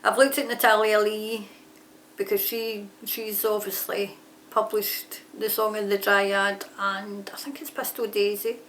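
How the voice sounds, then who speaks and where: With a medium-pitched, slightly bright voice, this woman speaks at a measured pace and a level tone, over slight background noise. She's an aspiring author answering a tag in casual conversation, rambling about her writing and correcting herself mid-sentence. Trains pass by her home near a railway line.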